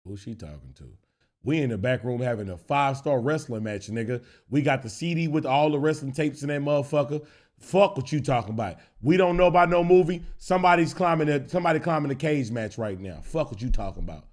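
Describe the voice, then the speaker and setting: A young man telling an animated, profane story as a streamer, acting out characters and laughing often. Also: mid-range voice, fast talker.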